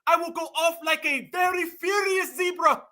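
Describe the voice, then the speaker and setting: A man putting on a mocking impression of a blustering man who threatens animal fury, shouting it out. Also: very high-pitched, normal speed, voice pushed up, full character voice.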